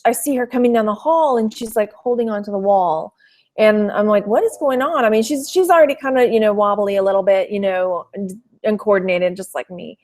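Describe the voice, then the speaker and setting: A woman from Texas chatting casually on a live stream, rambling through a personal story with lots of "you know" fillers and pausing to greet viewers by name. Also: mid-range voice, a little mellow. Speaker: thrift reseller vlogger.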